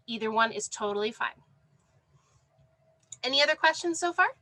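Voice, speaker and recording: A woman's voice: fairly high pitch, lively intonation, normal speed, pushed and bright, no room sound, rough recording. A woman teaching a class over a video call from home, encouraging and praising students by name. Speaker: sign language teacher. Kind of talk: online class instruction. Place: home, with a dog under the desk.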